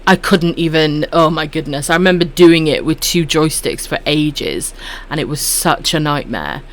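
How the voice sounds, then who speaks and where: A woman's voice: low-pitched, moderate pace, a little hiss or hum. A woman with a Welsh accent chatting casually on a live stream while gaming, swearing freely and calling viewers love and sweetheart. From Wales.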